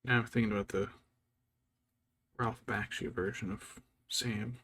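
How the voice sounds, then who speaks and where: A man's voice: fairly low pitch, measured pace, long pauses, breathy edge. A man casually chatting and muttering to himself as he paints a miniature for his stream. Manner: relaxed, muttering to himself as he works. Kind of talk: casual chat while painting.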